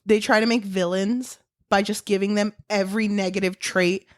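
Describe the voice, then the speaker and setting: A woman's voice: medium pitch, fairly even intonation, normal speed, dry recording, studio quality. A woman co-hosting a book podcast in casual chat, candid and opinionated, swearing casually. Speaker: podcast co-host.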